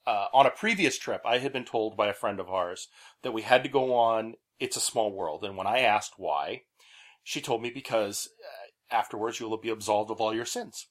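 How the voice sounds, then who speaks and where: A man's voice: lowish voice, moderate pace. A man hosting a podcast, telling stories casually with many fillers. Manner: animated storyteller, many "uh" fillers. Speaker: podcast host. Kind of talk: casual chat.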